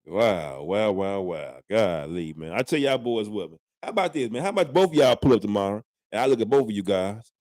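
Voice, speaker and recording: A man's voice: fairly low pitch, lively intonation, brisk, few pauses, darkish tone, no room sound, clean studio sound. A young man hosting a live stream, trash-talking rival fans in casual banter with drawling repeats. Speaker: live-stream host, sports fan.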